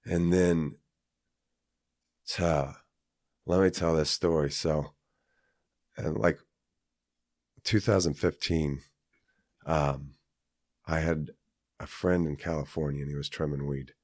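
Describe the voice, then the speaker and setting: A man's voice: very deep voice, steady tone, slow pace, pauses often, darkish tone, no room sound, studio quality. A man from Kansas, a podcast guest, telling a personal story in a rambling, casual way with many fillers and restarts.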